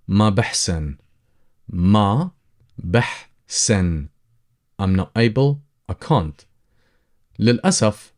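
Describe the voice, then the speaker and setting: Deep-voiced Levantine-accented man teaching. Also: darkish tone. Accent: Levantine Arabic. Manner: explains slowly, repeating each phrase. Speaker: language teacher. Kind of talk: language lesson narration.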